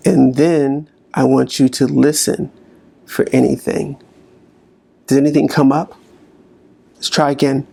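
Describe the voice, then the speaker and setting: A man speaking as a motivational speaker, slowly coaching listeners through a guided exercise. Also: mid-range voice, little pitch movement, vocal fry, mellow. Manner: slow, coaching delivery with long pauses.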